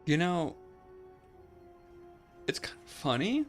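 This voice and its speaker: A man's voice: fairly high pitch, very animated, takes it slowly, faint music behind. A man hosting a let's play, giving casual gameplay commentary in a chatty, musing way, often saying "like" and laughing.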